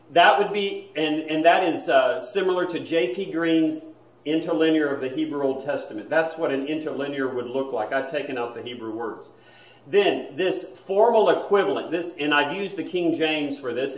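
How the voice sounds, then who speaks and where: A man teaching a Bible class from a chart, patient and explanatory, often repeating his words. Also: mid-range voice. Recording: roomy, dull lo-fi recording.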